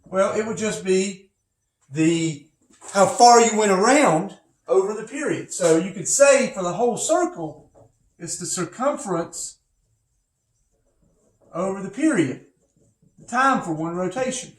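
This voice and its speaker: A man's voice: sits high, expressive, measured pace, pauses often. Rambling male physics teacher, echoey room. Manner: rambling, chatty, with many asides. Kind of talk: casual recorded lecture. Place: home. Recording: echoey room, faint noise.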